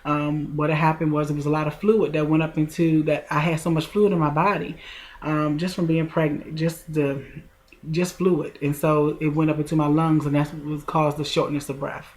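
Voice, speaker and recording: A woman's voice: deep voice, level tone, darkish tone. A woman in her forties telling a personal story in a casual vlog, chatty and talking straight to her viewers. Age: 40s. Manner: chatty, addresses viewers directly, drawn-out emotional retelling. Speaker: vlogger.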